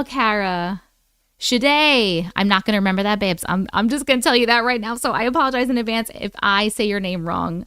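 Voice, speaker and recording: Woman live-stream host, high smooth voice, chatty, rattling off greetings and thanks to chat. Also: a bit bright, no echo, clean studio sound. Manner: chatty, greets viewers by name, quick thank-yous. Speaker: livestream host reading chat. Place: at home.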